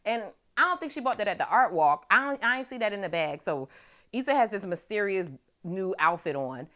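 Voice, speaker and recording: A woman hosting a casual TV episode recap, animated and chatty and swearing freely. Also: medium pitch, brisk. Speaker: host of a TV recap show.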